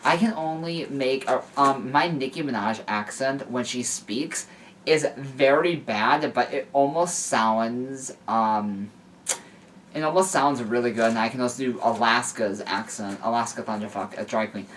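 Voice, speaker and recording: A man's voice: medium pitch, measured pace, fairly bright tone, slight background noise. A young man reading fan fiction aloud and breaking off for chatty, rambling asides. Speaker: story reader. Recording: voice somewhat distant from mic.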